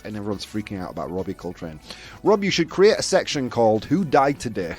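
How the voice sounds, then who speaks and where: A young man from the UK hosts a casual chat show, his pitch bouncing up and down as he talks. He rambles, piling on fillers and restarts, with faint music underneath. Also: very animated, brisk, a little mellow, slightly rough. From United Kingdom. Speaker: host.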